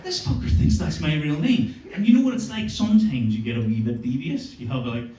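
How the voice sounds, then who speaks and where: A man's voice: a little high, animated, fairly quick, warm tone. A man in his forties doing a stand-up set, telling profane, swaggering stories about his family. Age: 40s. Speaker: stand-up comedian. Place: comedy club stage. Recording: roomy club sound, mic from a distance, audience noise.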